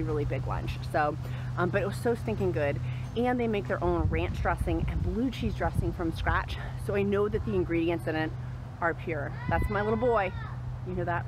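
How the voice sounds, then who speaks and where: A woman in her thirties, a mother and vlogger, chatting casually and upbeat to camera and laughing easily. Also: lowish voice. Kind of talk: casual vlog chat to camera. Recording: background noise from cars and outdoors.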